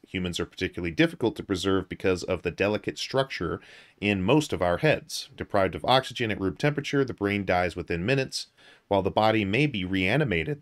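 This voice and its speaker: A man from the US hosting a podcast, reading an article aloud with filler words and joking asides. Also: on the low side. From United States. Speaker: podcast host.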